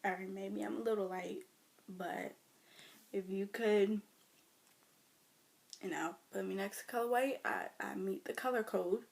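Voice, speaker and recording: A young American woman, talking casually to camera about her life, swinging between loud mimicry and near whispers. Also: measured pace, gravelly, pauses often. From United States. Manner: animated storytelling, mimics others in loud high voices, drops to near whispers. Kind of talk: casual vlog rant. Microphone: phone or webcam.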